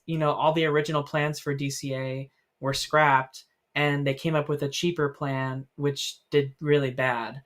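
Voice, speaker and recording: Bright-voiced man rambling through stories. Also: a little high. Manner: rambling storyteller with many fillers and little laughs. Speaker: livestream co-host. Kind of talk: casual livestream chat.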